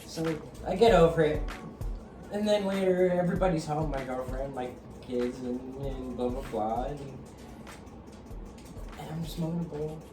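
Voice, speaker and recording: A man spins a rambling, foul-mouthed story in a relaxed smoke session, getting loud and laughing as he goes. He sits a little away from the mic in an echoey room, with music playing clearly behind him. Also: fairly high pitch, moderate pace. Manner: animated, swearing, laughing through stories. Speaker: guest. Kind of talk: casual storytelling. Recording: roomy echo, distant mic, music behind.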